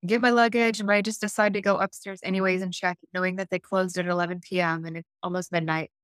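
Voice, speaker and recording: A woman who works as an intuitive life coach, telling a story in a podcast interview in an animated way and acting out the dialogue. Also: on the low side, quick pace, dry recording, clean studio sound. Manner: animated, acts out dialogue in her stories; frequent self-restarts and fillers.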